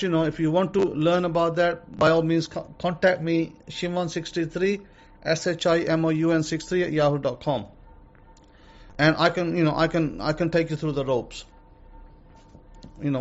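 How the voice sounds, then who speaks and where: A man's voice: a little high, highs cut off. Man giving a rambling self-help lesson. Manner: rambling, repeats himself, many fillers. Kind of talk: casual spoken lesson.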